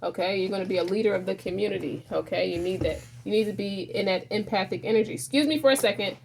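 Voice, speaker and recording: A woman talks the viewer through a tarot spread in a loose, conversational way. She rambles, repeats herself and restarts sentences as she goes. Her voice sits at an ordinary pitch. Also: fast, creaky, darkish tone, slight background noise. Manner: rambling, frequent restarts, addresses viewer directly. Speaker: tarot reader. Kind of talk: casual tarot reading.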